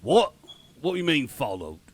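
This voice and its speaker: A man putting on a gruff Cockney gate guard. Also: a little high, sing-song, moderate pace, slight background noise, voice pushed up. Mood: alarmed. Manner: gruff, exasperated, loud. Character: grumpy rain-soaked male town gate guard.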